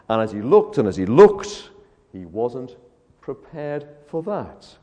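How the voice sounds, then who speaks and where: A man delivers an evangelistic sermon with a very animated pitch, rising and falling as he presses one rhetorical question after another. His delivery swings between hushed lows and loud, emphatic peaks. The voice rings with the long reverb of a large hall. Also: slow. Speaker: preacher. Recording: echoey hall.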